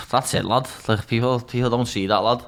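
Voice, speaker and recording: He's a young man in his twenties from Liverpool, an MMA fighter guesting on a podcast, with a Scouse accent and a mid-range, fairly bright voice. His intonation stays fairly even at a normal speed. He speaks bluntly and candidly, swearing freely and calling everyone "lad".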